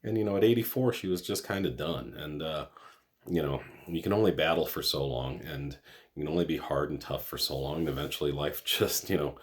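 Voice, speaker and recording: Young guy with a really low voice, rambling through a personal story on his podcast, stops and restarts a lot, getting emotional. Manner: halting, with many fillers and restarts. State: emotional, choking up. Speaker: podcast host.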